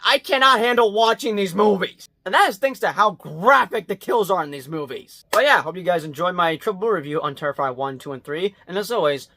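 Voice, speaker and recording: Animated, profane man reviewing movies. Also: high-pitched, a little fast, few pauses. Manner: animated, dramatic swings from loud outbursts to muttered asides; blunt and profane. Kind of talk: casual movie review vlog.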